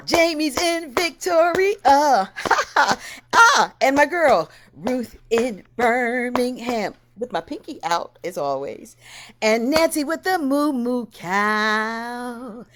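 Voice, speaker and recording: A woman hosting a livestream over a video call, greeting viewers by name with effusive exclamations. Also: fairly high pitch. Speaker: host.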